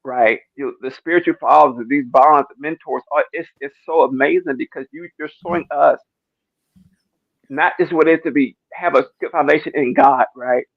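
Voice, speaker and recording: Emotional man, gravelly voice, near tears. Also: on the high side, fairly even intonation, normal speed, dry recording, phone-quality sound. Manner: repetitive, stammering, keeps asking "you know what I'm saying". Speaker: speaker in a church discussion. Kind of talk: emotional testimony.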